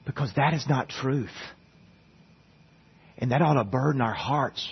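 A man preaching a sermon as a pastor. He talks earnestly, swinging between loud emphatic peaks and soft low passages, and often repeats a word as he starts a line. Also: measured pace, breathy edge. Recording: dull lo-fi sermon recording.

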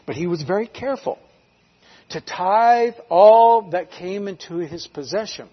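A pastor from North Carolina preaches with emphasis, his voice high for a man and husky. He swings from loud declarations to near-hushed lines. The recording sounds a little dull and lo-fi. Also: expressive, a little slow, big-room sound. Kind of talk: sermon.

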